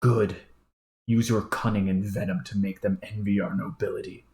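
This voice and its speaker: A woman's voice: rumbling low, little pitch movement, normal speed, dark tone. A woman voicing a stiff, haughty male troll aristocrat who speaks in a formal, stilted way, in a roomy-sounding recording. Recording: roomy echo.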